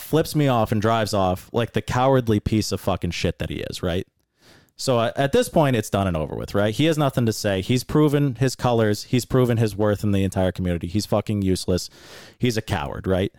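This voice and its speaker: Male podcast co-host, heated profane storyteller, lively pitch, dry sound. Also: moderate pace, no room sound. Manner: angry, profane, animated storytelling. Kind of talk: casual storytelling rant.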